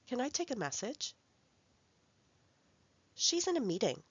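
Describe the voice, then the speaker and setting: A woman narrating a recorded language workshop, speaking clearly and carefully as she reads out example phrases. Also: on the high side, big pitch swings, measured pace, no echo, highs cut off. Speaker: language support instructor.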